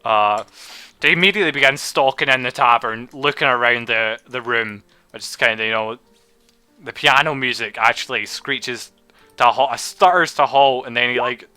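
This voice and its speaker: A man's voice: medium pitch, sharp tone, clear, resonant tone, no room sound. A man game master narrating a tabletop game in a rambling way over voice chat. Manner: rambling, halting narration with restarts. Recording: voice chat over background music.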